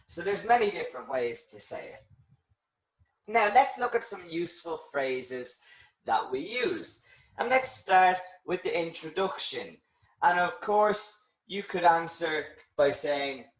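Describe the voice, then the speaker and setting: A man teaching an English lesson in a live stream, answering viewers' questions with patient explanations. His voice sits a little high and he speaks very slowly. The sound carries a noticeable roomy echo. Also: animated.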